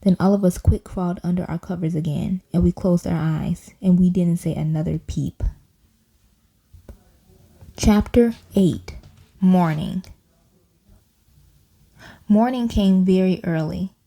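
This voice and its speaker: Gravelly woman reading a children's book aloud. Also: fairly low pitch, unhurried, pauses often. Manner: animated, playful voices. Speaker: audiobook reader.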